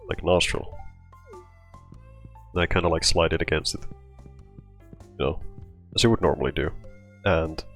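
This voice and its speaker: Breathless deep-voiced man rambling slowly. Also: a bit bright. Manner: rambling, with many restarts and fillers. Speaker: storytime vlogger. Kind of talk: casual storytelling.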